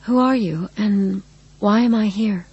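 A woman voicing a frightened young woman whose questions come out shrill and shaking. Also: a little slow, darkish tone, husky, dry recording, lo-fi sound. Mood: bewildered. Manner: shrill, shaky, pleading.

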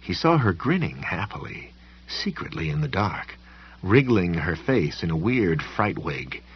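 A man reads an audiobook in a very deep, husky voice. His delivery is lively and full of dramatic ups and downs. The recording sounds a little dull and muffled. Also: unhurried. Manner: expressive, dramatic reading. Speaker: narrator. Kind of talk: audiobook narration.

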